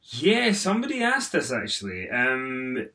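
A man's voice: medium pitch, wildly swooping pitch, measured pace, bright, forceful tone, recorded from a distance. A tired man co-hosting a podcast in casual banter, dry and teasing. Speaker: podcast co-host.

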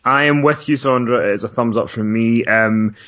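A man hosts a casual podcast, moving briskly from question to question as he steers the talk. His voice comes through a little dull and lo-fi. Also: mid-range voice, a bit bright. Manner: brisk, asks questions and wraps up the show. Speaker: podcast host. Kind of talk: casual chat.

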